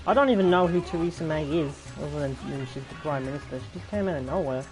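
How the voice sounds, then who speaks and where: Chatty young British gamer. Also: male voice, a little high, fast talker. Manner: chatty, rambling, answers chat. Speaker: gaming YouTuber. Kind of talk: casual commentary while playing. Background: game music and gunfire.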